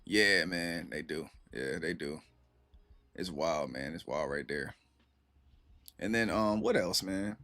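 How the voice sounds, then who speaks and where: A man's voice: deep voice, takes it slowly, long pauses, sharp tone. Laid-back man hosting a reaction stream. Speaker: streamer host.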